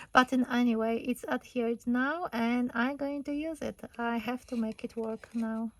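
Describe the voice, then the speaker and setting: A woman hosting a casual craft tutorial at her desk, thinking aloud and hesitating over choices, her voice slightly hoarse. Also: fairly high pitch, fairly even intonation, unhurried, low-quality recording.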